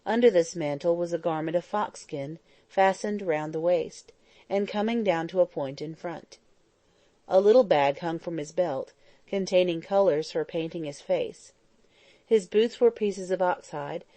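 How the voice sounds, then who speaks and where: Low, mellow woman reading an audiobook. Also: no echo. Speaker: audiobook narrator. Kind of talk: scripted narration.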